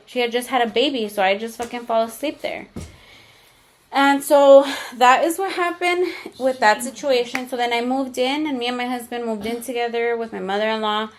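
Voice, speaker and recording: This podcast co-host, a young woman whose voice sits slightly high, shares a lengthy personal story in a laid-back episode. Her telling is frank and full of profanity, with occasional bits of Spanish slang.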